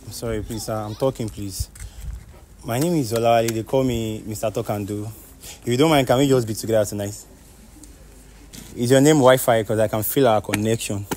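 A young man talks quickly, half apologizing and half pleading as he runs a prank. He mixes pidgin into his English. The recording carries clear background noise from outdoors. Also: lowish voice, fairly even intonation, a little mellow. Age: young adult. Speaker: prank video host. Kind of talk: street prank comedy.

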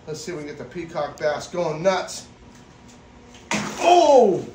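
A man hosting a casual vlog at an exotic pet store, excitable, often bursting into laughter and loud exclamations while feeding animals. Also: fairly high pitch, a little fast, background noise. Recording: echoey room.

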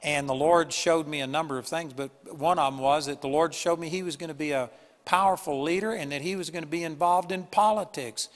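Pastor preaching in a reverberant hall. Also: male voice, fairly high pitch, a little fast. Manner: earnest preaching with sudden loud emphatic bursts. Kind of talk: sermon. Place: church hall with a live audience.

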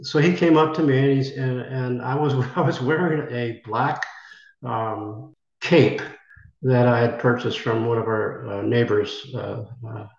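Speaking unhurriedly with vocal fry and fairly even intonation, an older American actor tells a rambling story during an interview and voices the people he quotes. His pitch sits in the middle range, and the sound is roomy, dull, and lo-fi.

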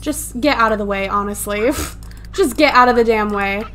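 A woman with a high voice rattles off casual gameplay commentary. She is exasperated and swears freely, breaking into laughs along the way. She is recorded on a desktop USB microphone at home. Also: normal speed, fairly bright tone. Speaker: let's play gamer.

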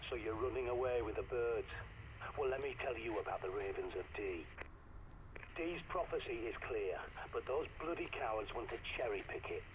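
An actor voicing a stern survivalist. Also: male voice, medium pitch, expressive, moderate pace, lo-fi sound, background noise, lightly acted. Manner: stern, scolding, preachy. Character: grim bitter older male survivalist mentor. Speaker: game character, survivalist mentor. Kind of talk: video game voice acting.

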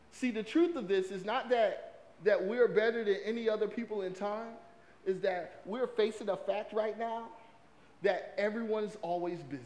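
A man from the South, preaching a lively, conversational sermon to his congregation. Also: high-pitched. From American South. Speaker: pastor.

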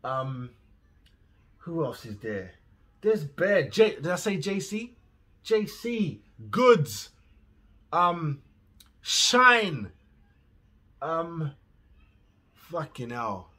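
Man, husky, slightly high voice, blunt casual rant, swears a lot. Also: very animated, drawn-out words, pauses often. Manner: blunt, swears freely, swings from muttering to loud outbursts. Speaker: reaction vlogger.

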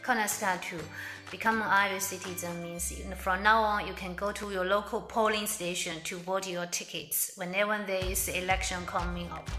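A woman's voice: medium pitch, steady tone, normal speed, pushed and bright, roomy sound, soft background music. A woman who is a new citizen explaining what citizenship means in a recorded video message.

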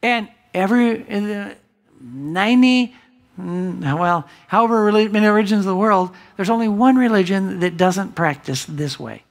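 A male pastor delivers a sermon in a church. He preaches emphatically, rising to loud declarations and dropping to hushed asides. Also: sits high, expressive, moderate pace, creaky. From United States. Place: church sanctuary.

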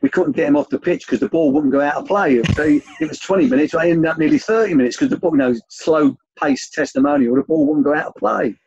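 An older man, a former youth coach, telling rambling anecdotes with many restarts in a relaxed interview. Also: a little high, quick pace, hardly any pauses, slightly rough, no echo, lo-fi sound.

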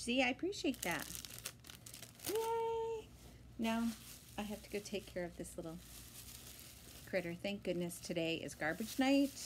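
A woman chatting casually at home in her vlog, excitable and talkative, her voice jumping high when she is thrilled. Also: background noise. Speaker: vlogger. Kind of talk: casual chat.

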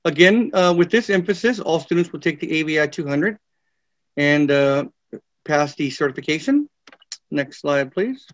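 A man presenting courses in a webinar, reading descriptions with frequent fillers and pauses. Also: on the high side, animated, no room sound. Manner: halting, many fillers, reads course descriptions. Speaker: university program presenter. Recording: dull, dry lo-fi webinar audio.

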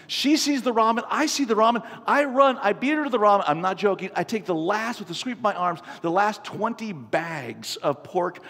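A man in his fifties preaching a sermon, an animated, self-mocking storyteller. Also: high-pitched, moderate pace, few pauses. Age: 50s. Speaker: pastor. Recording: long reverb from a large hall.

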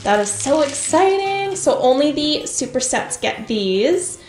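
A woman hosts a toy unboxing, gushing over every find and calling out to her viewers. Her voice sits a little high and her delivery is slow and unhurried. The room is echoey, with faint music playing underneath. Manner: gushing, excitable, talks to viewers as "you guys". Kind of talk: casual unboxing commentary.

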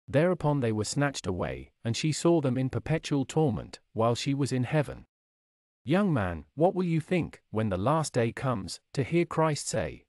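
A preacher reads a sermon aloud in a solemn, declamatory manner, his medium-pitched, slightly mellow voice swinging widely with dramatic rises and falls at a normal speed. The recording is dry and studio-clean.

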